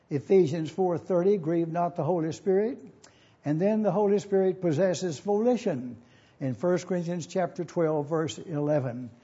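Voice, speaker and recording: Dark husky preacher, lo-fi sound. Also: male voice, high-pitched. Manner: measured, formal pulpit delivery reading scripture aloud. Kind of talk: sermon teaching.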